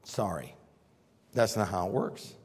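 A man's voice: fairly low pitch, lively intonation, unhurried, breathy edge, long reverb tail. A man preaching a sermon on scripture, acting out the people he quotes with big swings in voice. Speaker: pastor.

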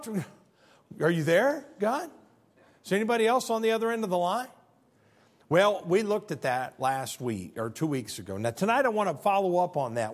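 A man preaching a sermon as pastor, joking and asking the congregation rhetorical questions. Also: a little high. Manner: humorous, animated storytelling with rhetorical questions.

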